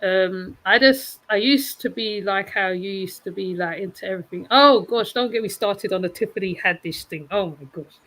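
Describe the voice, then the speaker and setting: A woman with an English accent talks as a guest on a livestream, heard over a video call. Her pitch is middling, and her speech keeps restarting around "like" and "you know". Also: normal speed, few pauses, a bit bright, low-quality recording. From England. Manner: laughs easily, lots of "like" and restarts. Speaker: guest YouTuber. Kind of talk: casual chat on a livestream.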